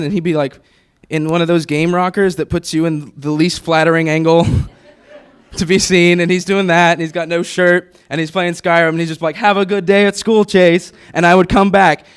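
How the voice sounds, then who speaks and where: A man's voice: a little high, clear, resonant tone. A man in his twenties doing a stand-up comedy set on stage before a live audience, nervous and rambling, with many fillers. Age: 20s.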